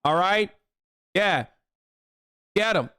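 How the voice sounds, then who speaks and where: A man's voice: high-pitched, expressive, drawn-out words, pushed and bright, smooth, dry recording, clean studio sound. A man streaming a reaction video, ranting profanely at his chat.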